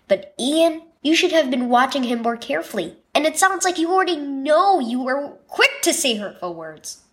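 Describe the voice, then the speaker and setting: A woman voicing a fair, firm father in a children's story, scolding even-handedly. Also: high voice, moderate pace.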